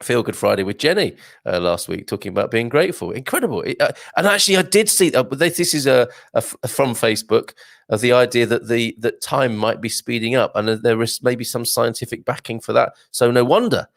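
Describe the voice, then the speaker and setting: A man's voice: medium pitch, lively intonation, brisk, vocal fry, no echo, clean studio sound. A man hosting a casual morning live stream, chatting and reading out viewer comments in a self-amused way, with lots of fillers and restarts.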